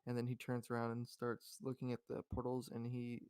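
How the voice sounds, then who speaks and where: A man's voice: mid-range voice, completely flat delivery, normal speed, smooth, no echo. A man playing a tabletop game in a playful, jokey way. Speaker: player. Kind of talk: casual tabletop role-play.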